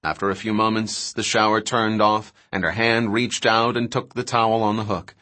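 A man narrating a novel in a calm, even storytelling manner. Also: on the low side, normal speed. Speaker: audiobook narrator. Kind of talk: scripted narration.

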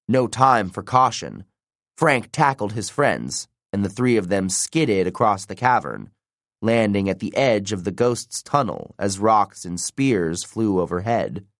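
A man narrating an audiobook in an expressive, dramatic reading style, recorded on a close studio mic. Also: fairly low pitch, unhurried, no echo. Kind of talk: scripted narration.

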